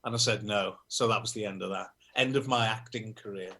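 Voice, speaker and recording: A man's voice: lowish voice, fast, sharp tone. Chatty Liverpool man telling stories. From Liverpool, England. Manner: chatty anecdotal storyteller, self-deprecating. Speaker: musician guest. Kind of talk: casual interview chat.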